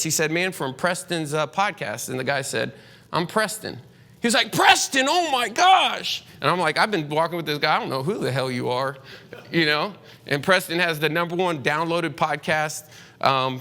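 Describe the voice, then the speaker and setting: A man's voice: on the high side, pushed and bright. A man giving a casual talk to a room of real estate agents, rambling with many fillers and restarts, candid and chatty. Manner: chatty and candid, slips into slang.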